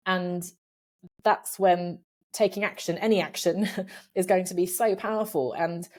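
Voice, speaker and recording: A middle-aged woman being interviewed from her home office, talking in a lively, animated way, laughing often and acting out voices in her head. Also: lowish voice, a little slow. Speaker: podcast guest, career coach. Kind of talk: casual conversational interview.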